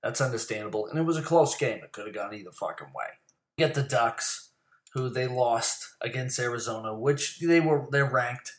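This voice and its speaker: A man's voice: medium pitch, moderate pace, reverberant. A man giving a heated, profane, rambling monologue about sports. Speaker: sports commentary host. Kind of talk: profane casual sports rant.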